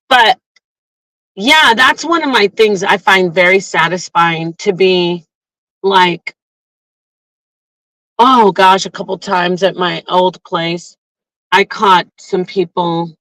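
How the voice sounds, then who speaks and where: A woman hosting a casual live vlog from her car, rambling and animated as she tells a story, recorded on a phone. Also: on the low side, slow, long pauses, no echo, rough recording. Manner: chatty, rambling, animated retelling. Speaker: livestream host.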